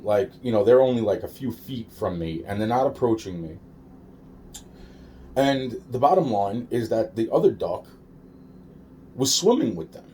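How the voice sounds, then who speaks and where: A man's voice: fairly low pitch, mellow, a little hiss or hum. Rambling, profane man telling a story. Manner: profane, rambling, many restarts and repeated fillers.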